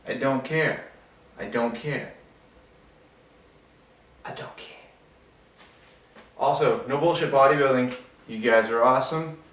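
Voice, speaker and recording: A man's voice: mid-range voice, fairly bright tone. Guy ranting bluntly at the camera, kinda far from the mic, echoey room. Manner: blunt, opinionated, mocking. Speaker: fitness vlogger. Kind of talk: casual rant to camera. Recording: roomy echo, away from the mic.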